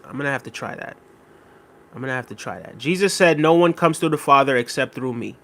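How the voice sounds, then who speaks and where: A man's voice: medium pitch, animated, fairly quick, a bit bright. A man hosting a casual live stream, reading viewer comments aloud and thanking them by name. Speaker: livestream host reading chat.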